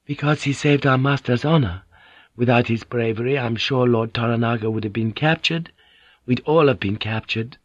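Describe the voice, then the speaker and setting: A man's voice: mid-range voice, normal speed, no room sound, lo-fi sound, natural voice. A man reading an audiobook and voicing a composed, dignified noblewoman and devoted wife. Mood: earnest. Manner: grave and restrained.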